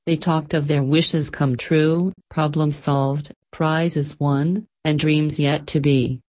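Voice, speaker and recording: A woman reading a storybook aloud with gentle, measured narration. Her voice sits notably low. She keeps the telling unhurried. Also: level tone.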